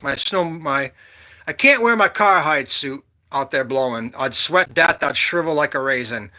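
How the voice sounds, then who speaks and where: A man from Michigan vlogging casually, rambling and joking with loud whoops. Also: fairly high pitch. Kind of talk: casual outdoor vlog chat.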